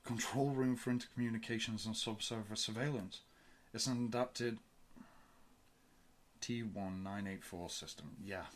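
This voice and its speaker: A man's voice: fairly low pitch, fairly even intonation, normal speed, long pauses, a little hiss or hum, lightly acted. A man voicing a frightened, sarcastic young male hacker who talks in nervous bursts. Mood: awed.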